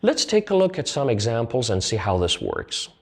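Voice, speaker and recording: Man teaching a grammar lesson, slow and deliberate. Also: medium pitch, huge pitch swings, creaky. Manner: slow, deliberate explanations with spoken example sentences. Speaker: English teacher.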